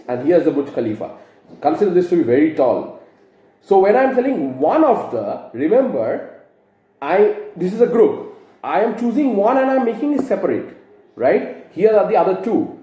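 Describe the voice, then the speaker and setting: Speaking to camera, a male English teacher patiently explains grammar example by example, quizzing viewers with rhetorical questions. His voice is mellow and fairly high with lively ups and downs, echoing noticeably off the room.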